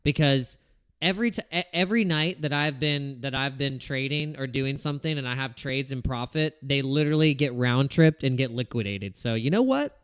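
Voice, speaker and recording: A man's voice: mid-range voice, lively intonation, moderate pace, a bit bright, clean tone, no echo, studio quality. A man hosting a casual livestream about trading, ranting in frustration, swearing and restarting his sentences. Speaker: crypto trading livestream host.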